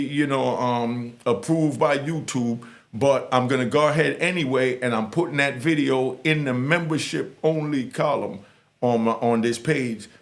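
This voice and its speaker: A man from Harlem with a New York accent, talking straight to the camera in a casual, emphatic and streetwise way as he gives advice to young people. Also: medium pitch. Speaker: YouTuber giving advice to youth. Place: indoors in front of a green screen.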